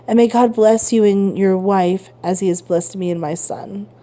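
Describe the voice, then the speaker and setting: A woman voicing a frail, gentle old man who is a self-sacrificing father, speaking softly in a storybook reading. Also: medium pitch, normal speed, lightly acted. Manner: gentle, soothing.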